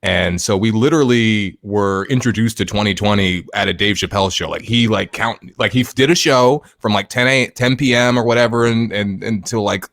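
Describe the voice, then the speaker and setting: A man's voice: fairly low pitch, a little fast, few pauses, fairly bright tone, no echo, studio quality. A man co-hosting a podcast in casual chat, laughing often and restarting sentences full of fillers. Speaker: podcast co-host.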